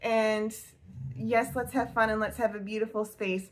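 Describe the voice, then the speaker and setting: A woman in her thirties talks to camera about homeschooling, chatty and warm-hearted, laughing between thoughts. Her voice sits a little high for a woman. She sprinkles her talk with "y'all" and loose asides. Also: little pitch movement, a little slow. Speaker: homeschool vlogger. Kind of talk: casual faith-based talk to camera.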